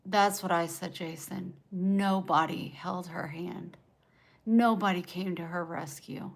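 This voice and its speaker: Low, slow-talking woman venting on a livestream. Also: fairly even intonation, vocal fry. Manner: raw, venting, addresses viewers by name. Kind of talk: emotional livestream chat with viewers.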